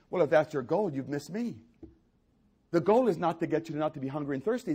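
Impassioned husky-voiced male preacher. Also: on the high side, lively intonation, quick pace. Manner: impassioned preaching with repeated phrases, swinging from loud to hushed. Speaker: pastor. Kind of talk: sermon.

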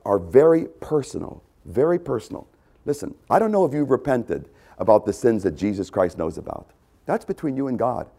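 A man preaches with a gravelly edge, swinging his pitch up and down with lively emphasis. He hammers key phrases by repeating them and stops often to clear his throat. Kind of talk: sermon.

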